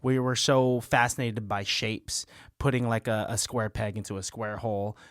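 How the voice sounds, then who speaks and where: A man's voice: on the low side, fairly even intonation, moderate pace, dry recording. Podcast guy rambling along, lots of likes and ums, dry close mic. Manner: rambling, hesitant, many fillers and restarts. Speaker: podcast co-host. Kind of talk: casual chat.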